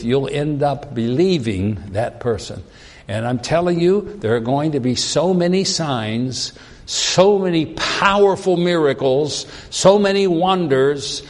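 A man preaching a sermon in a conversational way, acting out the voices of the people he quotes. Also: mid-range voice. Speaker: pastor. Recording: long reverb in a hall.

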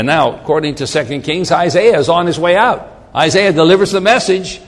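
Male preacher, fairly high voice, slow deliberate sermon, dramatic readings, booming hall echo. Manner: slow, emphatic delivery with dramatic scripture readings. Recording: long hall reverb.

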